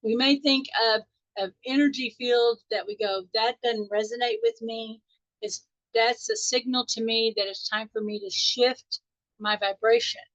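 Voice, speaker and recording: A woman's voice: fairly high pitch, steady tone, measured pace, a bit bright, no room sound, highs cut off. A middle-aged woman from Texas, a spiritual teacher telling a chatty story on a group call. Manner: chatty, anecdotal, laughs often. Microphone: call audio.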